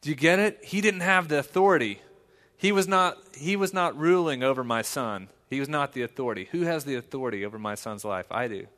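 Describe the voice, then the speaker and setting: A man, a pastor, preaching a sermon in a conversational storytelling way that swings to loud, emphatic points. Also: mid-range voice, long reverb tail.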